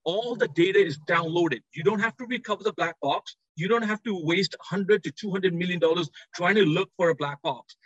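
A man with a British accent, a company executive pitching enthusiastically in an interview over a video call from a trade show floor. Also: no room sound, lo-fi sound. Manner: enthusiastic, rapid sales pitch.

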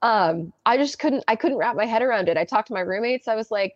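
A woman's voice: a little high, a little fast, hardly any pauses, no echo. A woman in her early thirties tells a personal story as an interview guest. She is chatty and giggles often, and she restarts her sentences and says "like" a lot. The audio is dry and a little dull. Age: early 30s.

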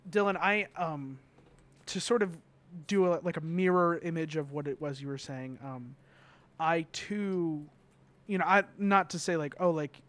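A man's voice: a little high, a little slow, fairly bright tone. A young man hosting a podcast, talking casually and hesitantly with many ums and restarts. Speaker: podcast host. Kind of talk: casual emotional conversation.

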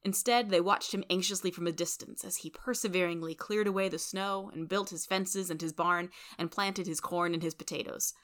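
A woman narrating a storybook in a steady, clear reading voice. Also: fairly low pitch, normal speed, few pauses. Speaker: reader.

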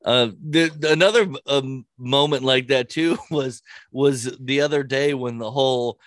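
A man's voice: medium pitch, unhurried, no echo. A man telling stories in casual chat, swearing freely and often breaking into laughter. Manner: animated storytelling with frequent laughter and swearing.

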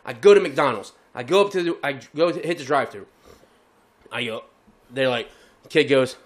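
A man's voice: medium pitch, normal speed, pauses often. A man co-hosting a podcast, telling a story in casual chat and swearing constantly. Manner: profane, animated storytelling with heavy swearing. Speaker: podcast co-host.

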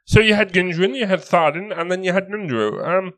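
A man's voice: sits high, a bit bright, voice pushed up. A man voicing a flustered male knight who stammers and halts. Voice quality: halting, stammering.

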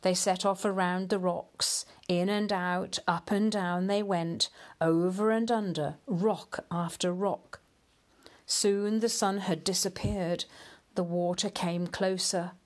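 Slow, measured woman reading a storybook. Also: on the low side, fairly even intonation. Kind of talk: storybook read-aloud narration.

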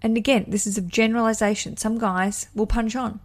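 A woman's voice: on the high side, fairly even intonation, fairly quick. A young Australian woman hosting a wedding podcast, giving a listener chatty, enthusiastic advice with rambling asides. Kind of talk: casual advice chat.

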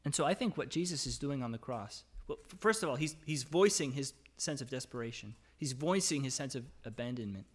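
A man's voice: expressive, a little fast, few pauses. A man preaching a sermon, reading psalm verses aloud and calling out the anguished cries with a raised voice, then dropping back to an easy conversational tone that often checks in with "right?". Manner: reads scripture aloud and rises in pitch and volume when voicing anguished cries. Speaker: pastor.

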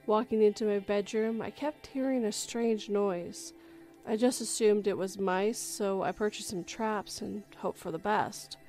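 Casual woman host reading a creepy first-person tale, middle-pitched voice, faint music underneath. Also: unhurried. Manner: relaxed reading with frequent self-corrections. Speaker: story reader and livestream host. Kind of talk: reading a horror story aloud.

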